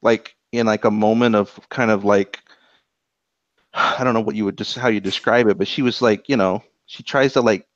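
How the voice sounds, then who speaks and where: Animated rambling podcast guy, lo-fi sound. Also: on the low side, normal speed, dry recording. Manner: animated, rambling, swears freely. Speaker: podcast co-host. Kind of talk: casual chat, reviewing anime episodes. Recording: dull lo-fi podcast audio.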